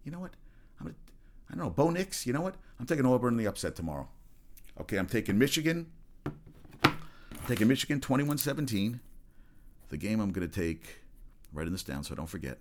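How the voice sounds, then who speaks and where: A man's voice: medium pitch, big pitch swings, fast, pauses often. A man hosting his own sports show in a casual, rambling rant, blunt and profane, with faint music behind.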